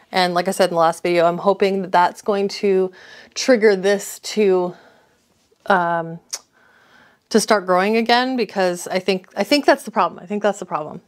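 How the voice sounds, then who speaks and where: A young adult woman hosting a houseplant vlog at home, chatty and bubbly, with lots of fillers. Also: medium pitch. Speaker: houseplant channel host. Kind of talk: casual vlog chat. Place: home with plant shelves.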